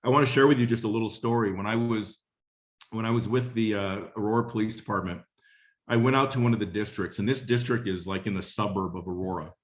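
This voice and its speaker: A middle-aged man gives a motivational webinar talk on leadership, telling an anecdote conversationally and often repeating phrases. He has a lowish voice and talks fast.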